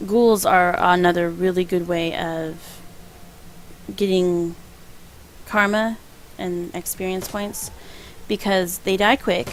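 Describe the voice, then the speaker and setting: A woman's voice: on the low side, fairly even intonation, slow pace, a little hiss or hum, rough recording. A woman casually commenting on her video game playthrough in a chatty, rambling way, often laughing at her own jokes. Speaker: let's play host.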